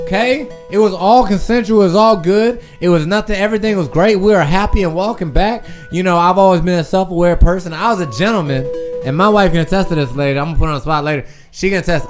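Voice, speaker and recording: A young man hosting a podcast stream, telling a personal story in a candid, profane, animated way. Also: high-pitched. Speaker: podcast host.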